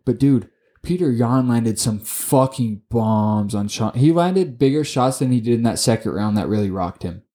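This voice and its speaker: A man co-hosting a casual sports podcast, talking excitably, swearing often and tripping over his words. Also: mid-range voice, moderate pace. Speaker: podcast co-host.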